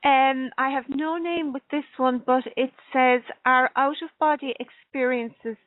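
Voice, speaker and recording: Female co-host, high voice, reads questions aloud, dry phone sound. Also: fairly even intonation, a little slow, no echo. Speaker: co-host reading listener questions. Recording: tinny dry phone line.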